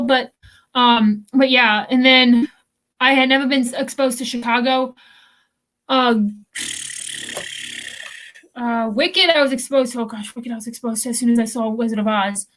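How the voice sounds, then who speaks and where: A young woman talks in a loose, rambling way, full of ums and restarts. Her voice sits a little high. She sounds like a co-host in a relaxed chat. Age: young adult. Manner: rambling, many fillers and restarts. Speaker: podcast co-host. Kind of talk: casual chat.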